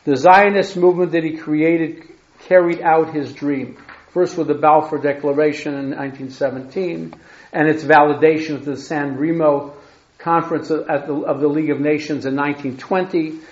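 A man's voice: on the high side, steady tone, normal speed. A man giving a history lecture who reads long quotations from a diary aloud, stumbling and correcting himself as he goes. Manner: reads quotes aloud with restarts and self-corrections. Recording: echoey lo-fi room recording.

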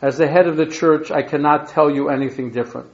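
A man with a slightly high voice and fairly even intonation speaks quickly while giving a history lecture. He reads long diary quotations aloud, stumbling, restarting, and correcting himself along the way, in an echoey lo-fi room recording.

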